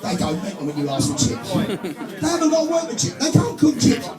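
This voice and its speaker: A man's voice: extremely high pitch, big pitch swings, fairly quick. A man compering an evening dinner, doing a crude stand-up routine full of swearing and laughing at his own gags. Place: function room at an evening dinner. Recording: echoey function room with music and crowd.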